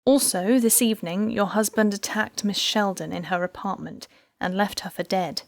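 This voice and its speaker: A woman voicing a composed female police detective in an audiobook, speaking with calm authority. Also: mid-range voice, normal speed, gravelly, close to an everyday voice. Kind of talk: audiobook character reading.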